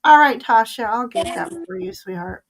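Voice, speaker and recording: A woman's voice: a little high, animated, moderate pace, a little hiss or hum. An older woman hosting a live tarot stream, chatting casually and laughing often.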